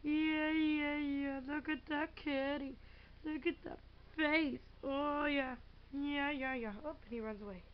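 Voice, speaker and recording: A woman's voice: high voice, steady tone, slow. A woman filming her cat at home, talking to it in playful, cooing baby talk. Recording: dull lo-fi home camera audio.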